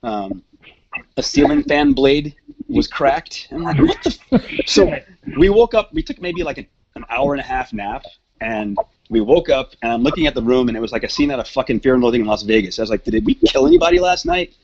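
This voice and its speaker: A man's voice: medium pitch, fairly quick, dull audio. A man telling a wild personal story in casual podcast chat, swearing freely and acting out the voices of people in it. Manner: profane, animated, acts out quoted voices. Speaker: podcast guest.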